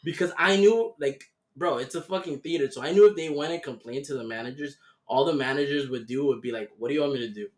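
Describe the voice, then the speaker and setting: A young man hosting a casual podcast chat, telling animated stories full of swearing. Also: on the high side, a little fast. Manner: animated storytelling with heavy swearing. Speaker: podcast host. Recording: roomy echo.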